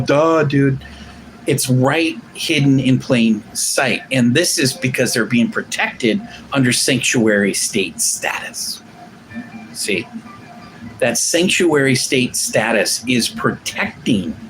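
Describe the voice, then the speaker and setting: A man's voice: mid-range voice, a bit bright, slight background noise, low-quality recording. Rambling, emphatic man streamer. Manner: reads out and answers viewer comments. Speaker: livestream host. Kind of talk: casual political commentary monologue.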